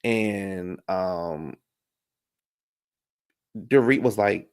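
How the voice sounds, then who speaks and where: A man's voice: on the low side, normal speed, pauses often. Sassy man recapping reality TV. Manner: animated, sassy, laughs often. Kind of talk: casual reaction commentary.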